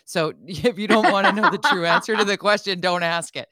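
A woman's voice: medium pitch, brisk, pushed and bright. A woman hosting a radio interview, speaking candidly and with self-deprecating humor, often laughing as she talks. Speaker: radio host.

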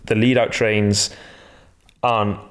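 A man's voice: lowish voice, level tone, takes it slowly. A male podcast co-host giving enthusiastic opinions on cycling in a casual chat.

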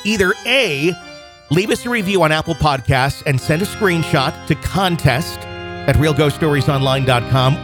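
A man hosting a podcast, reading a direct promotional announcement to listeners. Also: a little high. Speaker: podcast host. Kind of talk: promo read. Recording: voice over background music.

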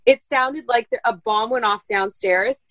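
Woman, casual podcast chat, slightly high pitch, dry close sound, rambling animated storyteller. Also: unhurried, no echo, low-quality recording. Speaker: mom and podcast guest.

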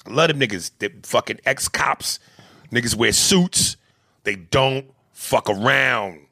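This comedy podcast co-host reads a listener's email aloud and fills the gaps with crude jokes and put-on voices. His medium-pitched voice is expressive, gravelly, pushed and bright, running a little slow with no echo.

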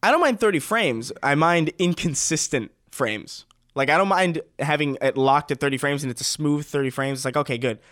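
A man co-hosting a casual podcast, talking in a relaxed way with frequent restarts and casual swearing. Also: on the high side, a little fast, few pauses. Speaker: podcast co-host.

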